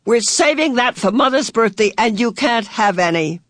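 A sharp, bossy little boy, as a male reader puts him on, suspicious and quick to protest. The voice rides very high, heard dry and close in a storybook reading. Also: dry recording. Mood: indignant.

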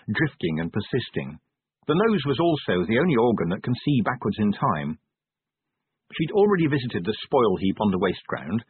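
A man giving a dramatic audiobook narration in a wry, measured storytelling manner. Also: fairly low pitch, slightly rough, no echo. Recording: narrow phone-like dry sound.

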